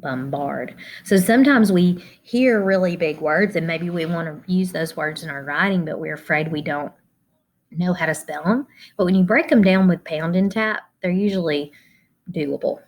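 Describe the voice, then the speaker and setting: A woman's voice: lowish voice, moderate pace. A woman teacher giving a spelling lesson to children, sounding out letters and syllables one at a time.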